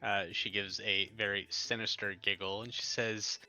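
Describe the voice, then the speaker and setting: Bright-voiced man running a tabletop game. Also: lowish voice, no room sound. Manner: relaxed, halting narration with fillers. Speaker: game master. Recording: dull lo-fi audio, faint music.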